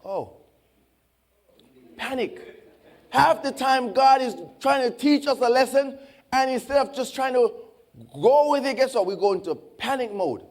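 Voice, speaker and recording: High-voiced pastor preaching slowly over music. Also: male voice. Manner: slow, impassioned preaching with dramatic pauses. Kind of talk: sermon. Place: church sanctuary.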